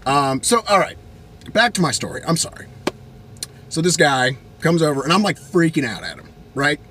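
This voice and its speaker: A young man from Virginia ranting casually in an animated, rambling way, with many restarts. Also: on the high side, normal speed, a little hiss or hum. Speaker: vlogger. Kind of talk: casual rant.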